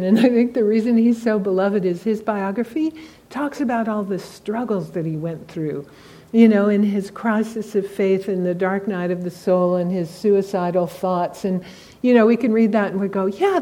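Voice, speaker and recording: Female Buddhist teacher, soft warm timbre, relaxed conversational delivery with lots of asides. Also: medium pitch. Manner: conversational, frequent "you know" asides. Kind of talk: informal dharma talk.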